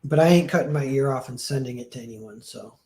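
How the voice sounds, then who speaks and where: A man's voice: medium pitch, quick pace, darkish tone, echoey room. A young man chatting casually on a livestream, rambling and self-deprecating, acting out quoted dialogue as he tells stories. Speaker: streamer and comic artist.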